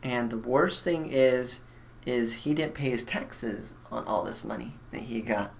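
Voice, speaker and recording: A man's voice: medium pitch, unhurried, creaky. A man hosting a live stream, chatting bluntly and rambling with many fillers while he builds a computer.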